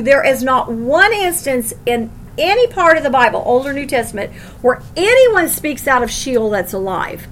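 A woman with a high, fairly bright voice teaches a Bible study class. She reads verses aloud and drives her points home emphatically by putting questions to the group.

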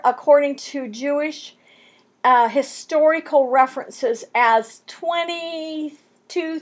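A woman teaching verse by verse through a Bible passage, emphatic and animated, acting out quoted lines. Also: high voice.

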